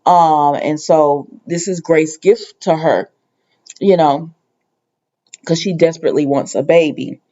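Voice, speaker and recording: A woman's voice: deep voice, measured pace, mellow, lo-fi sound. A woman hosting a casual TV episode recap, talking in a rambling way with lots of ums and restarts, plus the odd exasperated aside. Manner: conversational, sometimes exasperated asides. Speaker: TV recap host.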